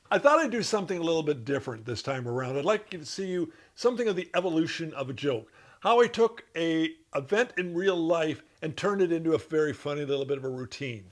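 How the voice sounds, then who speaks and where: High-voiced man teaching comedy writing. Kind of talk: instructional talk to camera.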